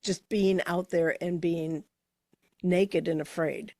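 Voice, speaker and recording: Woman, podcast co-host, measured reflective chat, gravelly, slightly low. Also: fairly even intonation, mellow, dry recording, studio quality. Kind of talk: casual motivational chat.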